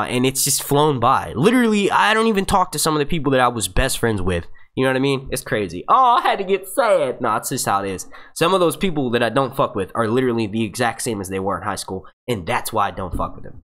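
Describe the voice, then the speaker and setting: A young man in his twenties chats loosely on a live stream, rambling and restarting his sentences as he answers questions. His voice sits at a middling pitch but swings up and down a lot. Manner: rambling, animated, with frequent restarts. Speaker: YouTube host answering live chat. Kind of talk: casual live-stream chat.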